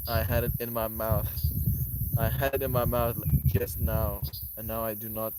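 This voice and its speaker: A frantic little male pet refuses to accept his loss in indignant, melodramatic protest, as a man puts him on. Loud crickets chirp through the outdoor recording. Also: fairly low pitch, little pitch movement, moderate pace, heavy background noise, natural voice.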